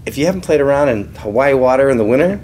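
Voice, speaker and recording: Guest, man in his sixties from California, mid-pitched, lively intonation, teasing and self-deprecating. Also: rapid-fire, a little hiss or hum. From California, USA. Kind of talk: casual storytelling interview.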